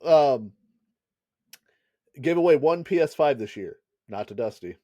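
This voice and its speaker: A man's voice: mid-range voice, lively intonation, unhurried, mellow, dry recording. A man co-hosting a podcast in casual chat, rambling and laughing often. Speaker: podcast co-host.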